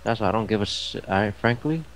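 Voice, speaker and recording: A man's voice: lowish voice, lively intonation, brisk, low-quality recording. A young man chatting casually with friends while gaming, joking and laughing a lot with crude banter.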